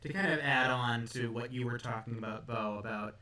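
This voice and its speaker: A man co-hosting a fan discussion, his speech hesitant and full of ums and uhs. His voice is bright and edgy, in a roomy echo. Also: medium pitch, fairly quick. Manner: affirming, hesitant with many ums. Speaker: podcast co-host.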